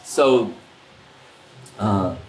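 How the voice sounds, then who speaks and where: A man's voice: lowish voice, drawn-out words, a little hiss or hum. A man giving a casual spiritual talk, telling stories animatedly and acting out what people said. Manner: animated storyteller, acts out quoted dialogue, chuckles. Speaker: spiritual teacher. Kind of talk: casual storytelling discourse. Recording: roomy echo with faint ambience.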